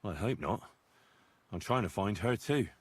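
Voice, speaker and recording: A man voicing a calm young investigator in a video game, asking plain, low-key questions. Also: unhurried, husky, no room sound.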